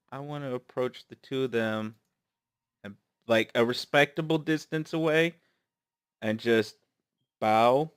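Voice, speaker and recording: A man's voice: medium pitch, clear, resonant tone, dry recording, studio quality. A man speaking as a player in a tabletop game, polite and careful.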